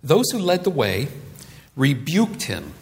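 Male preacher, animated storyteller, voice with long church reverb. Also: fairly high pitch, slow pace, creaky. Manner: acts out characters in a lively storytelling sermon. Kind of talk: sermon.

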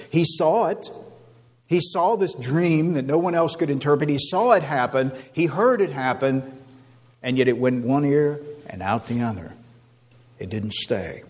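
A man's voice: fairly high pitch, darkish tone, big-room sound. A man preaching a sermon with an emphatic, repetitive cadence.

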